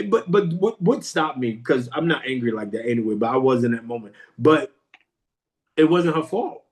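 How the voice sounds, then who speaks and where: A young man, hosting a podcast and telling a comic story in a slangy, animated way. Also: on the high side, normal speed. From New York. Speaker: podcast host. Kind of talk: casual storytelling.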